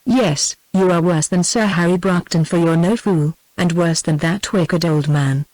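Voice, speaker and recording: A woman's voice: fairly low pitch, measured pace, darkish tone, no room sound, natural voice, poor audio. Synthetic British woman reading a scornful young lady. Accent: British English. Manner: cold and scornful. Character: proud, passionate young gentlewoman.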